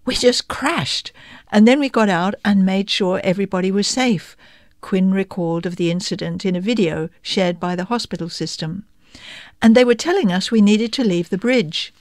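A woman reading news stories aloud in a steady, plain manner. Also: medium pitch, moderate pace, no echo, studio quality. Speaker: news reader.

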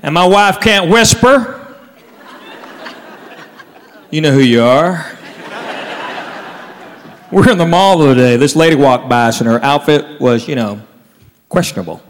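A man's voice: a little high, animated, normal speed, pauses often, a faint crowd. A man telling stand-up stories with punchlines and voices for his relatives. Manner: storytelling with punchlines, mimics relatives. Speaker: stand-up comedian. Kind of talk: stand-up comedy routine. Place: comedy club stage with audience. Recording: live stage recording in a reverberant room with audience.

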